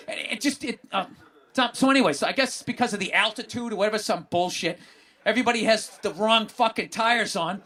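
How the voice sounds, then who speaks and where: A man hosting a podcast, swearing constantly and bursting into excited yelling during a comedic rant about sports. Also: high voice, fairly quick. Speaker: podcast host.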